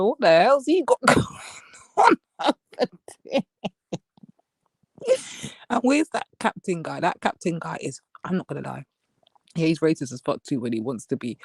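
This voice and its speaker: A young woman from England hosts a live stream with casual commentary, gossiping, swearing a lot, laughing often, and mimicking the people she discusses. Her voice is fairly low and slightly rough, with studio quality and no echo.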